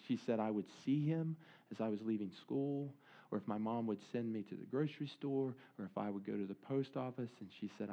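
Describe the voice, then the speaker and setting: A man's voice: medium pitch, dull audio. A man giving a sermon as a conversational, earnest story, acting out quoted dialogue as he goes. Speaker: speaker at a church service.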